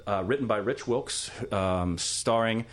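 A man's voice: on the low side, unhurried. A man, an actor, telling a story from his career in a casual interview and acting out the other people in it. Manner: animated, acts out other people's lines.

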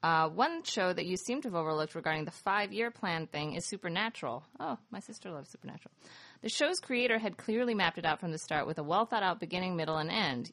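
A chatty woman co-hosting a podcast, reading a listener's email with eager asides. Her voice sits a little low for a woman. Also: a bit bright. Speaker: podcast co-host.

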